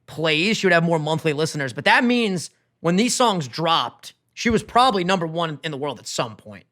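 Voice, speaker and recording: Animated, bright-voiced male podcast host. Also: a little high, normal speed. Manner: animated and jokey, hyped banter. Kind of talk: casual chat.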